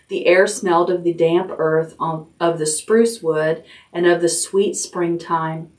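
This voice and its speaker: Lady librarian reading a bedtime chapter book, gentle and expressive, mic kinda far. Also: fairly low pitch. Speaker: children's librarian. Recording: voice a little distant from the mic.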